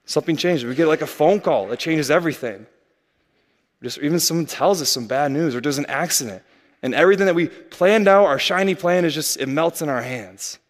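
Conversational preacher in a reverberant hall. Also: male voice, on the high side, lively intonation, a little fast. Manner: conversational, asks rhetorical questions. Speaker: pastor. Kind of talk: sermon.

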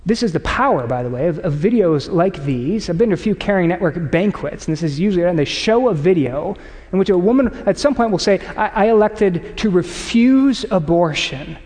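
A man delivers a sermon in a casual, storytelling way and acts out little exchanges. His voice sits high for a man. A long reverb trails behind him, like a church auditorium. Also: fairly quick. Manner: conversational, animated storytelling with acted quotes. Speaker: pastor. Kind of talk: sermon to a congregation.

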